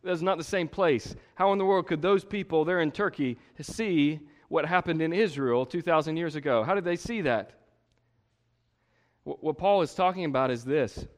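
A man preaching a sermon, full of rhetorical questions and sudden hushed emphasis. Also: a little high, normal speed. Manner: emphatic, rhetorical questions, drops to a hush for stress. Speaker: pastor. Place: church sanctuary. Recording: long hall reverb.

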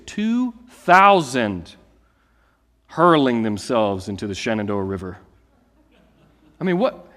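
A man preaching a sermon, reading scripture and then explaining it in a lively, conversational storytelling way. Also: a little high, in a large hall. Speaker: pastor.

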